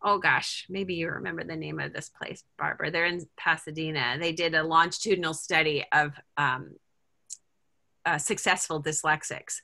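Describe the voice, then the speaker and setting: A woman's voice: sits low, steady tone, normal speed, gravelly, pushed and bright. A middle-aged woman leading a parent group over a video call, talking casually and thinking aloud with lots of fillers and restarts.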